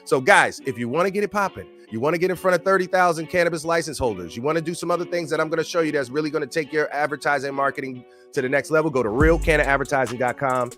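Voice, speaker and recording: A man hosting a webinar, talking in an energetic hype-man style with lots of slang and a sing-song delivery. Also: fairly high pitch, rapid-fire, hardly any pauses. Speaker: webinar host. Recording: hip hop music playing behind.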